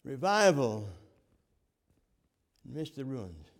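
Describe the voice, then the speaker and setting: A man preaching a sermon, fervent, swinging from loud to hushed. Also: mid-range voice, sing-song, slow. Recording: long hall reverb.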